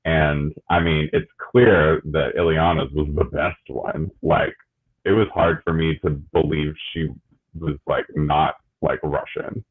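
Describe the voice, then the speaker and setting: A man with a very low, husky voice co-hosts a casual podcast chat, stopping and starting as he gathers his thoughts. His audio comes through thin and phone-like. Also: fairly even intonation. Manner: halting, restarts often. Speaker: podcast co-host.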